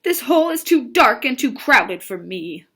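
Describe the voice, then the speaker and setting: A woman voicing a fed-up male frog who loudly announces he is leaving a crowded hole. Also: medium pitch, expressive, very slow, heavily acted.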